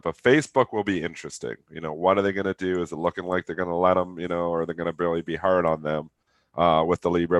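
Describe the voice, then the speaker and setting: A man in his thirties, congested with a cold, co-hosts a live market show in casual, rambling trader talk. His voice is low-pitched and fairly bright but nasal and stuffed-up, and the recording is dry.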